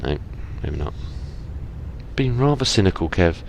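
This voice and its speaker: A man's voice: sits low, sing-song, a little slow, creaky, a little mellow. A man with an English accent giving casual, self-mocking commentary while playing a truck driving game and talking back to the traffic. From England. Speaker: let's play gamer. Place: home, at a driving-sim rig.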